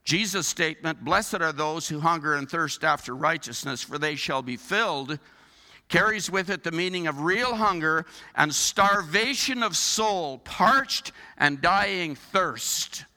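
A man with a very bright, high-pitched voice delivers an earnest sermon from the pulpit. His words ring out with a long reverberant tail, as if in a large sanctuary. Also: lively intonation, a little slow. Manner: earnest preaching with rhetorical questions. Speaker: pastor.

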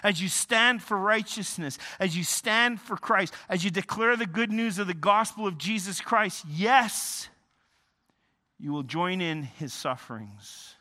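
A man preaching a sermon, emphatic, often repeating and restarting words, swinging between loud emphasis and quiet lows. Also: expressive, a little slow. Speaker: pastor.

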